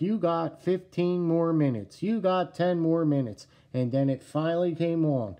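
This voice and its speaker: A middle-aged man with a New Jersey accent and a fairly high-pitched voice talks casually to camera at home about knife collecting. He's excitable and repetitive, addressing viewers as "guys" and "yous."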